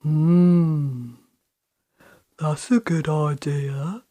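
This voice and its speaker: A woman voicing a greedy male troll who roars slow, chanted threats. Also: low-pitched, steady tone, dark tone, voice pushed down, exaggerated voice. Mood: sly. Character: greedy roaring male troll under bridge.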